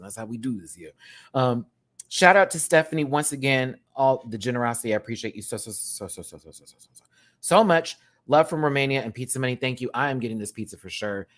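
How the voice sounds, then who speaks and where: A man's voice: medium pitch, fairly bright tone. A man who performs in drag, giving a sassy, slangy rant reviewing a reality show and thanking his viewers. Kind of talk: casual reaction rant.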